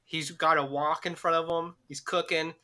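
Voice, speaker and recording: A man's voice: a little high, flat delivery, normal speed, pushed and bright. A man co-hosting a podcast, rambling through crude jokes with lots of swearing. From United States. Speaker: podcast co-host. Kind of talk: casual comedic chat.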